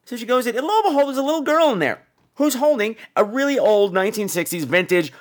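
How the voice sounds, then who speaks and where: A man hosting a podcast, ranting about a bad movie in a profane, sarcastic, animated storytelling manner. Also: very high voice, fast talker. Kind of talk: comedic movie-review rant.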